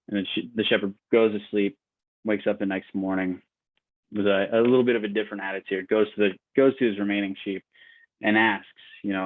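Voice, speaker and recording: A man speaking as an agile coach at a meetup, telling an allegory with lots of halting restarts, on a video call. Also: lowish voice, steady tone, dry recording. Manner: halting, many fillers and restarts. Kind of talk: storytelling presentation. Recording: tinny lo-fi call audio, dry.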